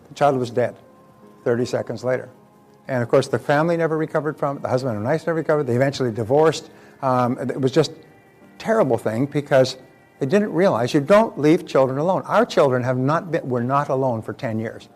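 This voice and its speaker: A man's voice: mid-range voice, fairly quick, faint music behind. An older man giving a motivational talk in a conversational way, telling stories and repeating words as he goes. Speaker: motivational speaker.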